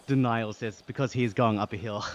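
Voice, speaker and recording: A man's voice: medium pitch, dull audio, a little hiss or hum. A man from Australia with an Australian accent, live-streaming and reading out chat while he cycles on an indoor trainer. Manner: reads chat aloud and thanks viewers, breathy from exertion.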